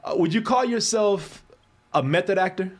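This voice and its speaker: A man's voice: sits high, normal speed. A man hosting a casual interview, chatty and laughing often, with long rambling questions. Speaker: interview host.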